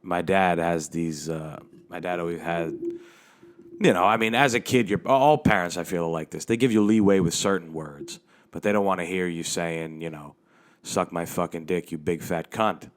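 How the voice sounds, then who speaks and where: Male comic hosting his own podcast: very low voice, loose and rambling, swears freely, talking into a handheld mic. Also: normal speed. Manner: rambling and profane, with frequent restarts. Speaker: comedian and podcast host. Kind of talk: casual comedic storytelling. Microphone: handheld microphone.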